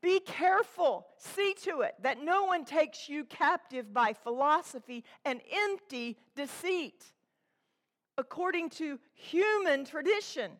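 A woman preaching a sermon to a congregation, swinging between loud exhortation and hushed, intense asides. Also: high voice. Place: church room with a congregation.

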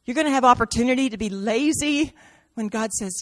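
A woman preaching a sermon with great drama, dropping to near-whispers and rising to shouts. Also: a little high, fairly quick, long reverb tail. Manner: dramatic, swings from soft to shouting, acts out quotes.

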